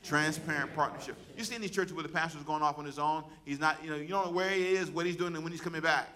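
Pastor guy preaching, bright higher voice, gets loud and calls the crowd to answer back. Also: steady tone, fast talker. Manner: preaching with call-and-response to the congregation; loud, rising exhortation. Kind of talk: sermon.

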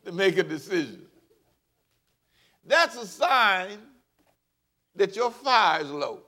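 A male pastor preaching a lively sermon, leading the congregation in call-and-response and acting out quotes from people. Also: high-pitched.

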